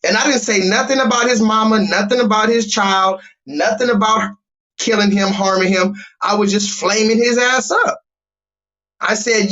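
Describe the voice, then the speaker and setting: Man, high voice, livestream host, loud profane ranter, dull lo-fi home audio. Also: steady tone, normal speed. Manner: loud, blunt and profane, talking straight to chat.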